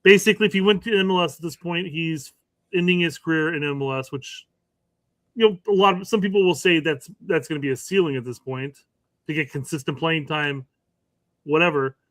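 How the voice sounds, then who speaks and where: Man, slightly high voice, frank opinionated soccer takes, dry close sound. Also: brisk, fairly bright tone, dry recording. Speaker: podcast co-host. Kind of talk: casual soccer talk.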